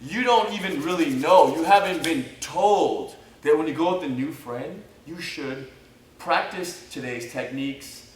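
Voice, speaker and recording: A man who teaches jiu-jitsu and co-hosts, explaining in an animated way and acting out scenarios as he talks. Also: on the high side, measured pace, slight background noise. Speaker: jiu-jitsu instructor and co-host. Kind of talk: casual instructional talk. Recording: roomy and distant mic.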